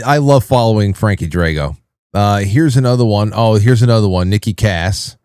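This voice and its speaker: A man's voice: on the low side, animated, normal speed, a little mellow, smooth, no room sound. Brief: male show host, wry, rambling reel commentary, dry close studio sound. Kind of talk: casual commentary on video reels.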